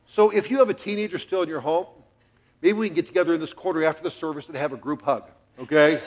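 A man's voice: on the high side, fast talker. A middle-aged man preaching a sermon in a church, telling a family story with jokes and acting out the quotes. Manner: animated, jokey, acts out quotes. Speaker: pastor.

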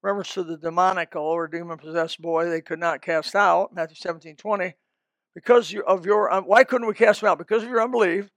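Speaking in a high, steady voice that leans a bit bright, the pastor moves briskly through a loose, folksy sermon full of digressions and restarted sentences. The sound is dry and close, without any echo.

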